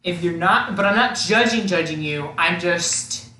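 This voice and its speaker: A man's voice: high voice, unhurried, bright, forceful tone. A young man chatting casually while baking in a home kitchen, rambling and restarting his sentences in a playful way. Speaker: co-host of baking video. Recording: echoey room, from far off mic, faint noise.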